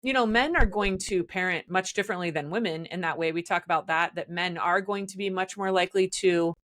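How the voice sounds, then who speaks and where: A woman's voice: on the low side, fairly quick, fairly bright tone. A woman hosting an interview conversation, asking long, thoughtful questions with a few restarts. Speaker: podcast host.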